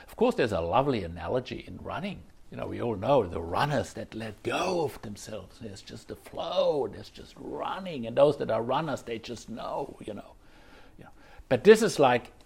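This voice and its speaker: A man giving a reflective dharma talk as a Zen teacher, circling back over phrases and filling pauses with "you know". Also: medium pitch, creaky, husky.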